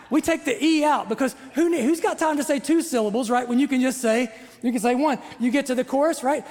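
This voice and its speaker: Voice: high-pitched, fast talker, darkish tone, long reverb tail. A pastor from Southern Ohio with a Southern Ohio accent, preaching a sermon in a conversational, joking way and repeating phrases for emphasis. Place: church sanctuary.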